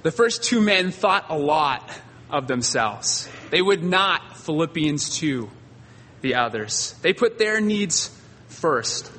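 A male pastor preaching a sermon, telling stories with dramatic pauses and drawn-out emphasis. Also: fairly high pitch, lively intonation, sharp tone, long reverb tail, a little hiss or hum.

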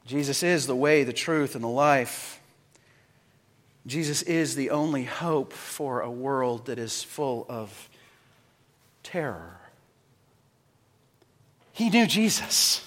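A high, bright-voiced man preaches a sermon in a church sanctuary with a long hall echo. He swings between ringing, raised calls and hushed, low lines. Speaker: pastor. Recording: reverberant hall.

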